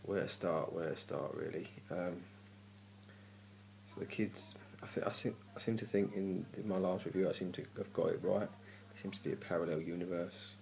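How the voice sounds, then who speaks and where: A man's voice: low voice, fairly even intonation, normal speed, creaky, darkish tone. A man giving a casual, grumpy TV review, ranting and swearing in exasperation. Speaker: TV review vlogger. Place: home at night.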